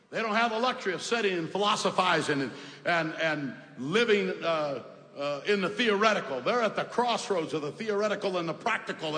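A man preaching an emphatic sermon, shouting at times and dropping to soft asides. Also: high voice. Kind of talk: fiery sermon. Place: large hall with congregation. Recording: echoey hall, faint ambience.

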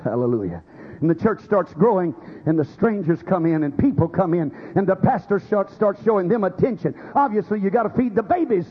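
A man's voice: sits high, animated, a little fast, breathy edge, highs cut off. A man preaching a sermon, acting out quoted voices as he goes. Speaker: pastor.

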